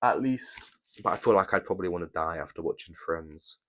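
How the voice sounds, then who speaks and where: Young british guy, pretty low voice, rambling away to his stream chat while building lego. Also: brisk, a bit bright. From Britain. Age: young adult. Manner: rambling, chatty, talks to viewers. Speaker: live-stream host.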